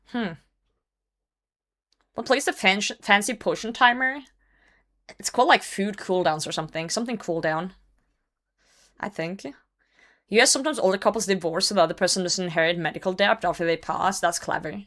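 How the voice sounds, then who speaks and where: A woman's voice: mid-range voice, moderate pace, long pauses, a bit bright. A young woman streaming a game and chatting casually, reading chat messages aloud and laughing often. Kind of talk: casual gaming livestream chat.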